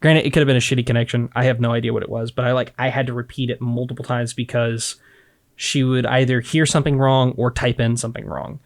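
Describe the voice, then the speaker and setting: Male co-host, casual and quick, animated, mid-pitched. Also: gravelly. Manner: fast-talking, animated, swearing freely. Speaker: podcast co-host. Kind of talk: casual chat.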